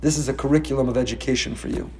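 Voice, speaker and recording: A man teaching a Torah lecture as a rabbi, animated and acting out dialogue with sudden rises in pitch. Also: very fast, long reverb tail.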